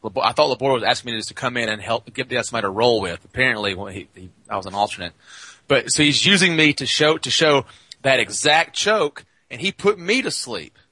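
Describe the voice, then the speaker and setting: Bright-voiced man telling gym stories. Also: mid-range voice, a little fast, slightly rough, no echo. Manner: rambling, animated anecdotes. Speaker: jiu-jitsu coach. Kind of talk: casual podcast storytelling.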